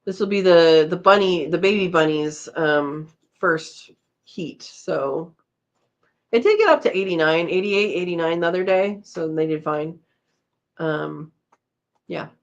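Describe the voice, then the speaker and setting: A woman's voice: on the low side, unhurried. A tired woman hosting a casual live chat, reading out viewer comments and chatting back with a laugh. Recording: slightly dull lo-fi audio.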